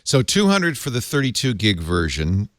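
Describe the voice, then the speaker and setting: Lively, dry-sounding podcast host. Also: male voice, fairly low pitch, normal speed, no room sound. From Providence, US. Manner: jokey, laughs often. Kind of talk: casual tech chat.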